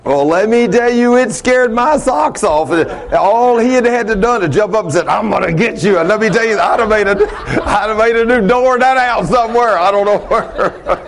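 A man preaching a sermon in a folksy storytelling way, laughing at his own stories and swinging between loud and hushed. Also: high-pitched, normal speed, hardly any pauses, some chatter behind.

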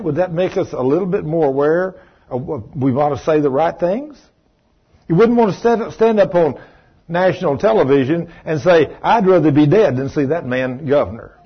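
A man's voice: fairly high pitch, animated, normal speed, slightly rough, dull audio. A man preaching a folksy televised sermon, acting out the voices of people he quotes.

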